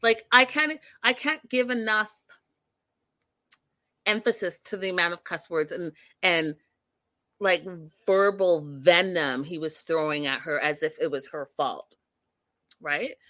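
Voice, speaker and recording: A woman's voice: on the low side, a little slow, long pauses, no echo. A woman recapping a reality show for her viewers in a casual, blunt and exasperated way, swearing freely and acting out what people said. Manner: acts out quoted people with sudden loud bursts.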